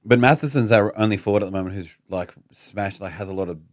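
A young Australian man chatting about the game in a low voice, easy and loose, cursing in passing. The recording is dry and close, with no room sound. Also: quick pace, no room sound. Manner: chatty, swears casually, reads out tweets. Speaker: podcast co-host. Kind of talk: casual chat about rugby league.

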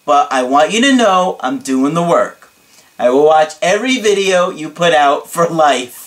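A dramatic, excitable young man pours out his thanks, drawing every word out slowly and theatrically, as a man puts him on. The voice sits a little high for a man. He leans hard on each phrase for effect. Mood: gushing. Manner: drawn-out dramatic emphasis.

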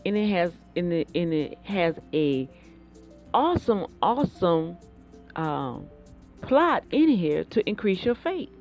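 A woman giving a fervent, preacherly faith talk, repeating words and breaking into bursts of excitement. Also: lowish voice, unhurried, faint music behind. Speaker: inspirational speaker.

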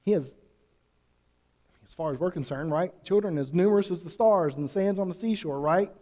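The pastor's voice is high-pitched, mellow and fairly quick as he preaches earnestly to his congregation, pressing them with repeated questions. He's in a church sanctuary, and the recording has long hall reverb.

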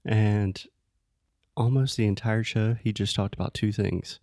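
A man co-hosting a casual English-learning podcast, patiently explaining words and gently correcting. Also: on the low side, fairly even intonation, measured pace, dry recording, clean studio sound. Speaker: podcast co-host. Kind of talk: casual chat teaching English.

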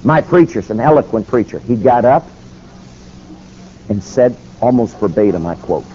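A man telling a personal story to an audience in an animated sermon style. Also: lowish voice, moderate pace. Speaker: speaker. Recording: dull lo-fi recording with faint hiss.

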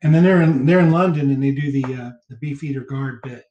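A man hosting a casual movie commentary chat, rambling through scene recaps with fillers and quick laughs. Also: mid-range voice, roomy sound, highs cut off. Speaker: podcast co-host.

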